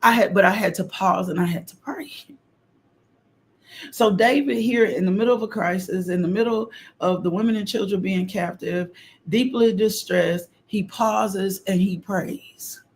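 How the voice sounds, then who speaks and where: A middle-aged woman preaching a fervent morning devotional on a livestream, repeating phrases and breaking into loud exclamations. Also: mid-range voice, unhurried. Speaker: host of a morning devotional stream. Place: home livestream.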